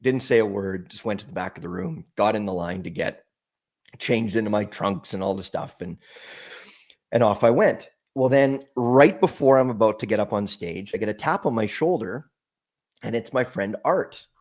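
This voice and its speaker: Man, lowish voice, halting speech, restarts and repeats words, heartfelt personal storytelling as a guest. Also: lively intonation, a little mellow. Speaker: podcast guest.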